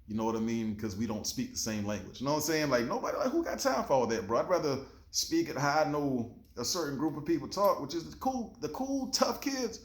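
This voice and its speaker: Host, male, mid-pitched, casual slangy pep talk full of cursing, roomy echo. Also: lively intonation, fast talker, hardly any pauses. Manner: laid-back, slangy, swears freely, preachy. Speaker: show host. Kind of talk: motivational talk to camera.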